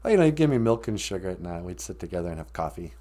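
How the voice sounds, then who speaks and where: A man's voice: low voice, sing-song, very fast, warm tone. A man chatting on his own live show, telling stories in a loose, rambling way. He jokes and laughs easily. His voice rises and falls widely as he talks. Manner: rambling, jokey, laughs often. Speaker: livestream show host. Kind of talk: casual storytelling chat.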